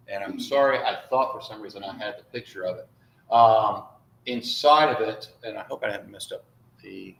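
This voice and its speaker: Rambling priest in an echoey hall. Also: male voice, lowish voice, slight background noise. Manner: chatty, rambling storyteller with many fillers. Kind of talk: informal talk to a congregation with slides. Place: church hall. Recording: echoey room, faint ambience.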